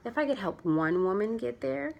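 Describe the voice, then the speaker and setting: A woman's voice: fairly high pitch, animated, moderate pace, creaky, darkish tone, slight background noise. A chatty, earnest young adult woman talking casually in a heartfelt vlog, rambling a little as she explains why she sells clothing. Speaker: vlogger and clothing seller.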